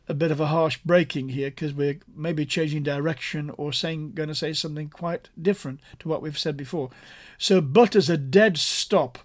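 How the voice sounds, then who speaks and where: A male preacher teaching a sermon at an unhurried pace. His voice sits a little high for a man, and he presses his points earnestly through repetition. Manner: earnest, explanatory, emphatic repetition.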